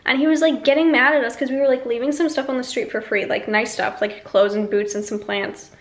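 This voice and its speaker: A woman's voice: on the high side, fairly even intonation, fairly quick. A young woman vlogging casually in an emptied apartment, rambling through a story with lots of "like". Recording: echoey empty room.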